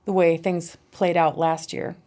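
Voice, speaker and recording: A woman's voice: fairly low pitch, little pitch movement, unhurried, warm tone. A woman who owns a bar and grill, guesting on a casual podcast and explaining her business in a practical, matter-of-fact way with a few hesitant restarts.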